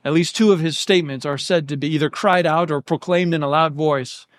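A man with a high voice gives a verse-by-verse Bible teaching, walking through each reading of the text point by point. He sounds close and dry, with no room sound around him. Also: brisk, no echo. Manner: explanatory, lays out options step by step.

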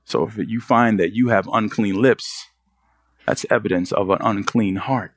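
A man's voice: on the low side, a little slow, no room sound. A man preaching a sermon as pastor, pressing the congregation with earnest rhetorical questions.

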